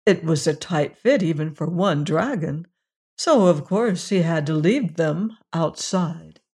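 Gentle storybook reader, medium pitch. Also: lively intonation, slow, husky. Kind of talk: storybook reading aloud.

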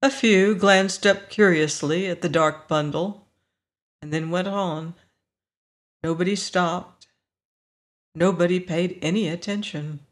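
A narrator reading a short story aloud in a measured, even way. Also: medium pitch. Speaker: audiobook narrator.

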